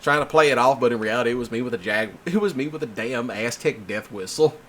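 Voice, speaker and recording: A man hosting a casual chat, telling stories in an animated way, laughing often and swearing freely. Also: medium pitch, quick pace, a little hiss or hum. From Mississippi. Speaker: host.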